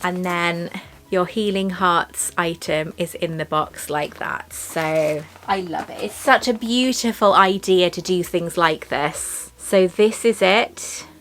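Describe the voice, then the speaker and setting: A woman's voice: fairly low pitch, takes it slowly, a bit bright, faint music behind. A woman chatting to her camera as she unboxes jewellery, gushing and emotional. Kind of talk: casual unboxing chat.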